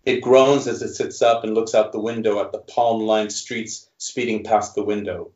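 Low-voiced man reading his story. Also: steady tone, normal speed, darkish tone. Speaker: author. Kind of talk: reading his fiction aloud. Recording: roomy, dull recording.

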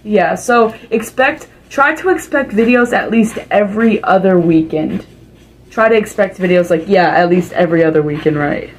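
A woman chats with eager excitement as co-host, her talk packed with "like" and quick asides. Her voice sits at a middle pitch, with faint background noise behind it. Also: low-quality recording. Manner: excited, chatty, heavy use of "like". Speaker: video editor and co-host. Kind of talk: casual chat.

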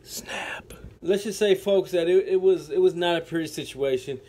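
A man with a notably high voice, spinning a story-time tale for his viewers. He tells it dramatically, repeats his lines for effect and keeps turning to address them as folks. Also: brisk, dark tone. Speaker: storytelling vlogger.

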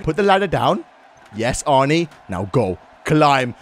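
A young man giving excitable, laughing commentary while playing a wrestling video game. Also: on the high side, moderate pace, noisy background. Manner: loud, laughing, swings between shouts and mumbles. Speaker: gaming YouTuber.

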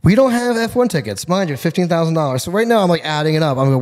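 A man's voice: on the high side, very fast, hardly any pauses, big-room sound. A man from Florida, a podcast guest telling a rowdy story with lots of swearing. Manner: profane, animated storytelling. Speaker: podcast guest, car tuner. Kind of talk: casual storytelling.

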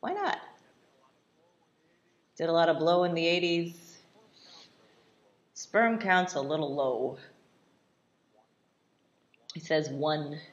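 A woman's voice: deep voice, steady tone, slow pace, pauses often, dull audio. A woman casually commenting while she watches a movie, laughing often in a chatty, irreverent way. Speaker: vlogger reacting to a film.

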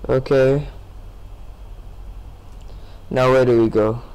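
A man's voice: medium pitch, fairly even intonation, slow, darkish tone, clear, resonant tone, poor audio. A sleepy young man commenting casually on his gameplay, rambling to himself and swearing. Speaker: gamer.

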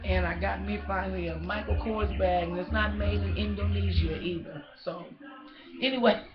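A woman's voice: medium pitch, fairly even intonation, normal speed, lo-fi sound, loud music behind the voice. A woman vlogger in casual chat, emotional and gushing, often stumbling over her words with fillers.

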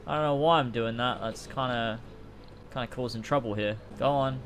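A young man streaming a game, reacting excitedly, swearing and laughing often, and reading the game's dialogue aloud. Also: mid-range voice, normal speed, faint music behind. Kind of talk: gameplay reaction commentary.

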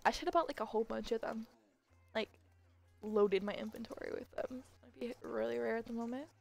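A woman's voice: on the high side, fairly even intonation, a little fast, vocal fry, soft background music. A young woman streaming a game live, chatting casually with viewers, giggling and stumbling over her words. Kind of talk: casual live-stream chat while gaming.

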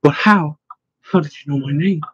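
A woman's voice: sits low, moderate pace, a bit bright, breathy edge, lo-fi sound, full character voice. A man voicing a frightened, lost young woman. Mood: bewildered. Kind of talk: audiobook narration.

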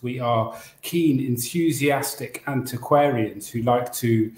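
An English man co-hosts a casual chat show, speaking with a medium-pitched voice at a slightly slow pace. He's enthusiastic and rambling, restarting his sentences often. The recording has a roomy echo.

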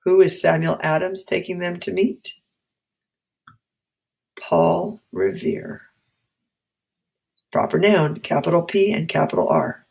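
Vrouwelijke lerares die voorleest, vrij lage stem. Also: female voice, lowish voice, steady tone, normal speed, hardly any pauses, darkish tone. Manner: clear, explaining, quizzing. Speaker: teacher. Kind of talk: reading a book aloud for a class.

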